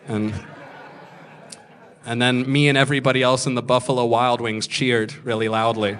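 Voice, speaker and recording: There's slight background noise as a thirtysomething stand-up comic delivers crude, self-mocking stories in a flat, normal-speed manner. His mid-range voice has a fairly bright tone, and he slips into others' voices.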